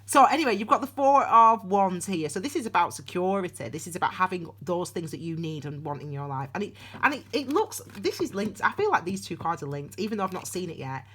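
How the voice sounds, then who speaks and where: A woman's voice: fairly low pitch, lively intonation, fairly quick, few pauses, fairly bright tone, breathy edge. A young woman, talking alone to camera in a casual, rambling tarot reading full of restarts. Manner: chatty, rambling, self-interrupting with frequent restarts. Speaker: tarot reader. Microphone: solo to camera.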